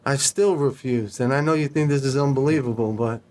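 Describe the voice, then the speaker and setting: This man is a podcast guest spinning an anecdote in casual talk. He swears freely and slips into the voices of the people he quotes. His pitch sits in an ordinary middle range. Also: fairly quick, a little hiss or hum. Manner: animated, profane, acts out dialogue. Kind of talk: casual storytelling.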